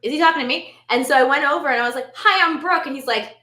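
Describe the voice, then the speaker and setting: A woman talks on a podcast with a bright, slightly raised voice. She teases her co-host playfully and tells quick stories. Her voice rings a little in the room. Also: high-pitched, reverberant. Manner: playful teasing, quick quips. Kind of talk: casual chat.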